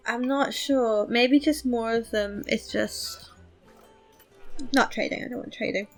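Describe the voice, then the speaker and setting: A woman's voice: on the high side, unhurried, faint music behind. A woman giving casual commentary while playing a game, chatty, thinking aloud and poking fun at herself. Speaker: let's play host.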